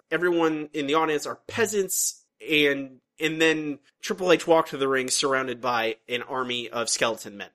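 Podcast co-host, male, bright tone, rambling casual delivery with frequent restarts. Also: fairly high pitch. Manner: rambling, restarts sentences, recaps at length. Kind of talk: casual chat.

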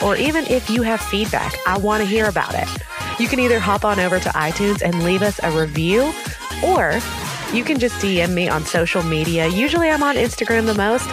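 Low-voiced woman host signing off over music. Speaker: podcast host. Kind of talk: scripted sign-off.

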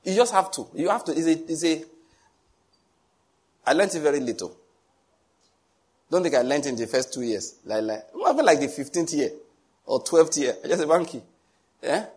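Husky, jovial middle-aged male preacher. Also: on the high side, normal speed, long pauses. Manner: jovial, chuckling storyteller; teasing, animated asides. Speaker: pastor. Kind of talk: sermon.

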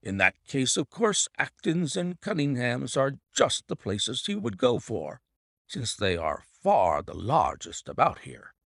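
Man voicing a brisk, genial old-school colonel with lively intonation, dry recording. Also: medium pitch, gravelly, dry recording, voice pushed up, heavily acted. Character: bluff, hearty country colonel, middle-aged.

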